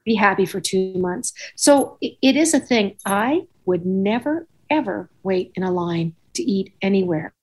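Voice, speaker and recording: A woman's voice: mid-range voice, animated, measured pace, few pauses. A woman hosting a podcast, telling rambling anecdotes in casual chat and acting out the dialogue. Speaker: podcast host.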